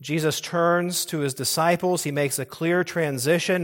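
A man's voice: fairly high pitch, a little slow, few pauses. A male pastor preaching a sermon earnestly, pressing hard on key words and now and then restarting a phrase. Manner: occasional restarts and repeated phrases.

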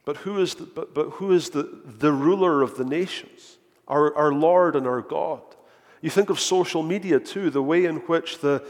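Slow earnest male preacher in echoey hall. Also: on the high side. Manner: earnest, repeats words as he builds a point. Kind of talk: sermon.

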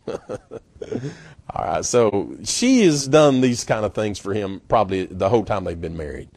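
A guest pastor, preaching a sermon in a folksy, animated storytelling manner. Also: male voice, on the low side, a little slow, creaky, no room sound, studio quality. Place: church.

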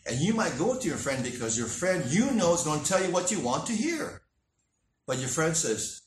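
A man preaching a sermon as a pastor, animated and acting out dialogue in character voices. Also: a little high, normal speed, slight background noise. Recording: echoey room, mic at a distance.

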